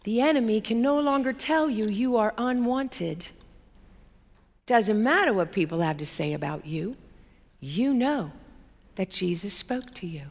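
A woman preaching a sermon, telling a story with laughter and acting out the people in it. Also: mid-range voice. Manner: animated, laughing, acts out quoted people. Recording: long hall reverb.

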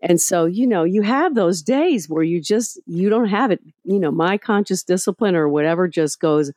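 A middle-aged woman speaking as a guest in an interview, telling candid, animated stories about parenting. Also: lowish voice, normal speed, no room sound, clean studio sound. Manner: candid and animated, acting out past scenes. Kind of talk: casual storytelling in a podcast interview.

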